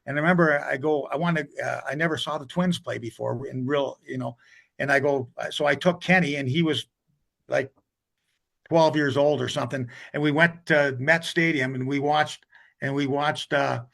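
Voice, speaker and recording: A man's voice: on the high side, steady tone, normal speed, creaky, a bit bright. An older man, a hockey coach telling rambling stories in a casual interview, with many restarts.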